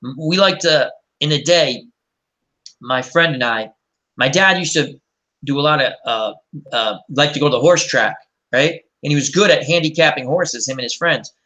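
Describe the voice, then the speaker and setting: Bright-voiced New man telling stories. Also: on the high side, normal speed. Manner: rambling, anecdotal storyteller. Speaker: host. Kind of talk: casual chat.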